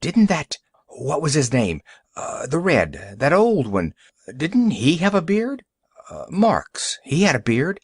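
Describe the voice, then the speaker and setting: A man reading an audiobook, voicing a sharp-faced, suspicious older woman who pries and whispers about a stranger. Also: a little high, wildly swooping pitch, slow, breathy edge, dry recording, clean studio sound, voice pushed up, full character voice. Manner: nosy, whispering, prying.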